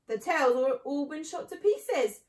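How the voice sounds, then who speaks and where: A woman's voice: high-pitched, lively intonation, a little slow, echoey room, voice pushed up. A woman voicing an impatient, bossy farmer's wife who snaps orders, in a storybook reading. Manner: sharp and snappish.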